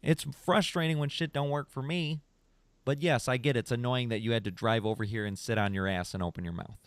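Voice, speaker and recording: A young man hosting a podcast stream, telling stories in a rambling, animated casual chat and calling people "bro". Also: medium pitch, a little fast, clear, resonant tone, no echo. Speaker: podcast host.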